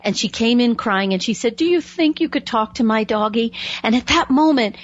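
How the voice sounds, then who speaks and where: A woman's voice: on the high side, lively intonation, moderate pace, dry recording. Chatty woman host, dull lo-fi sound. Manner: chatty, many fillers like "you know". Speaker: radio show host. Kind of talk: casual interview chat.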